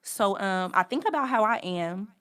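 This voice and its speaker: A woman's voice: mid-range voice, expressive, moderate pace, fairly bright tone, smooth. A woman hosting a podcast, talking candidly and frankly in casual speech. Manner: frank, conversational, reading from notes. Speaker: podcast host. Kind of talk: candid personal monologue.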